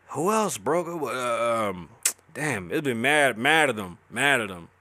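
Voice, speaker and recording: A man's voice: medium pitch, very animated, measured pace, sharp tone. A man hosting a podcast, ranting casually with lots of swearing and jumping from topic to topic. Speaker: podcast host. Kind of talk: casual profane podcast rant.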